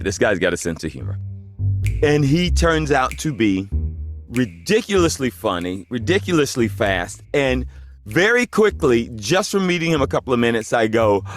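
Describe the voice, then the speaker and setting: A man, a voice actor, telling a casual anecdote in a lively way and acting out the people he quotes. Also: medium pitch. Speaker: voice actor guest.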